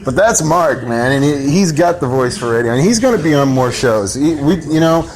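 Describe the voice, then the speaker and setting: A man's voice: a little high, animated, brisk, a crowd in the background. Laughing, foul-mouthed radio host man. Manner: laughs often, swears casually. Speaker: host of a live internet radio show. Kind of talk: casual chat.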